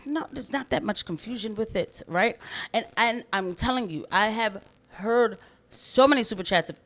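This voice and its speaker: A woman's voice: on the high side, normal speed, fairly bright tone. A woman giving impassioned, emphatic commentary, often repeating herself for emphasis. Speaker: political commentator. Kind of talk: opinionated livestream commentary.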